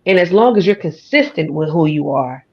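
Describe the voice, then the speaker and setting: A woman's voice: deep voice, lively intonation, moderate pace, highs cut off. A woman with a country twang talking as a podcast guest, folksy and emphatic with a drawl. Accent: American country twang. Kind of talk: casual conversation. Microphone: studio or podcast mic.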